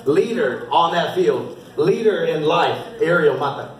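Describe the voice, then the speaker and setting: At a team banquet, a youth football coach with a high voice hands out awards, upbeat, encouraging and laughing often. He sounds animated and unhurried, heard off-mic from some distance in a big, echoing hall that is very noisy.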